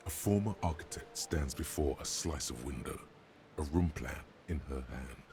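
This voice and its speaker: A man voicing the grim inner narrator of a detective video game, reading scripted narration in a gravelly tone. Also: a bass voice, expressive, moderate pace, a little mellow, faint music behind.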